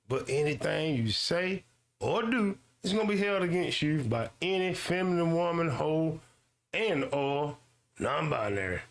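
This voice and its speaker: Gravelly, swaggering ranting man host. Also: sing-song, measured pace. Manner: loud swearing rant with slang and repetition; mocking high-pitched voices for others. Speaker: YouTube show host. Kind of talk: ranting commentary monologue.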